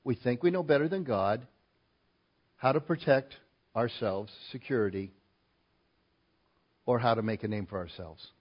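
A male pastor preaching a sermon, emphatic and rising loud on key points. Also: medium pitch, moderate pace, pauses often, husky, highs cut off.

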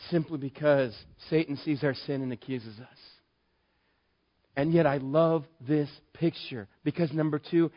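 A man's voice: fairly high pitch, fairly even intonation, unhurried. Dramatic male preacher, muffled recording. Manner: dramatic, acts out voices of Satan and God. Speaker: pastor. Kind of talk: sermon.

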